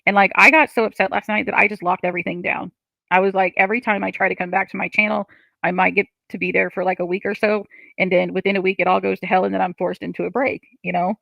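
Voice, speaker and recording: A woman's voice: medium pitch, little pitch movement, fast talker, gravelly, no room sound, lo-fi sound. A woman on a livestream, reading chat comments and ranting in frustration, swearing often.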